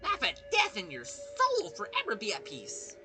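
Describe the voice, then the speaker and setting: A man's voice: high-pitched, huge pitch swings, normal speed, over music, voice pushed up. A man voicing a gleeful, mocking bear mascot who taunts the players in a theatrical, singsong way while reading game dialogue aloud. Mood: gloating.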